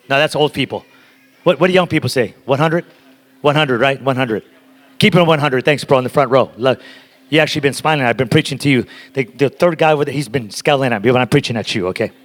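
At a fairly quick pace and medium pitch, a man gives an emphatic sermon as a guest preacher, speaking right to the people in the church. Long reverb from the large sanctuary fills the recording.

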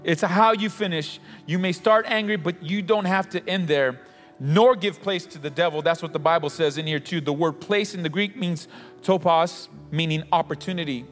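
High-voiced man preaching emphatically. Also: normal speed. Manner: emphatic, repeats phrases for impact. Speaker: co-host teaching on faith. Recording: long reverb with faint music behind.

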